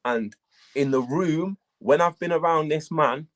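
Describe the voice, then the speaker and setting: Animated man telling stories. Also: a little high, unhurried. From England. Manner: animated storytelling, heavy swearing. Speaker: battle rap guest. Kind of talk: casual interview talk.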